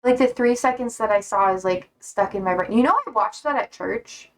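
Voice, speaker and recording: A young woman with a slightly high voice chats loosely on a livestream. She reads viewer comments aloud and answers them bluntly. She swears freely and laughs often. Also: normal speed, slight background noise. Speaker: streamer. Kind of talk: casual chat reading viewer comments.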